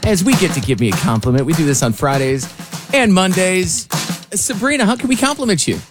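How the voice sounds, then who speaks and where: A man's voice: high voice, animated, music in the background. A man hosting a morning radio show, chatting in a playful, joking way with a caller and his co-host. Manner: playful, quick to joke and ham it up. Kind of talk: upbeat radio chat.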